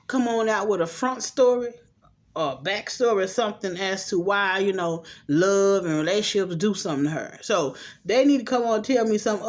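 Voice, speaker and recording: A middle-aged woman casually recapping a TV episode, acting out the characters' lines with slangy, animated asides. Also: mid-range voice. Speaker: show recap host.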